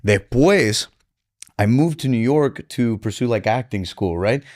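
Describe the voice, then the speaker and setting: A young chef from tells stories, with a mid-range voice. He is animated and swears freely, sliding into Spanish mid-sentence as he talks. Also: medium pitch, unhurried. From Miami. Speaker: chef guest. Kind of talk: casual storytelling.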